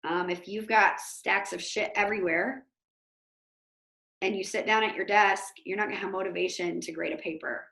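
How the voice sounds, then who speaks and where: A woman teacher giving an informal motivational talk over a video call, chatty and animated, with lots of fillers. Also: medium pitch, normal speed, creaky, reverberant. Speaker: host of an online motivation talk.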